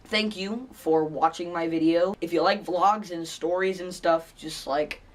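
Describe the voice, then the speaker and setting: A man's voice: high-pitched, steady tone, unhurried, far from the mic. A teenage boy vlogger telling a story in a rambling way, with many fillers and restarts. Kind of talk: casual storytelling vlog.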